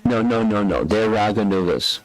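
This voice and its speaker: A man with a very deep, low-pitched voice answers questions in a scripture class. He speaks haltingly, repeating words as he looks for the right phrasing, in the manner of a spiritual teacher explaining to his students. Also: faint music behind, poor audio.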